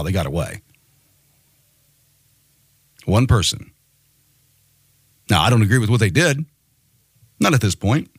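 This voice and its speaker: A man's voice: mid-range voice, fairly bright tone, husky, no echo, clean studio sound. A man hosting a podcast, delivering a rousing monologue full of rhetorical questions. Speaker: podcast host.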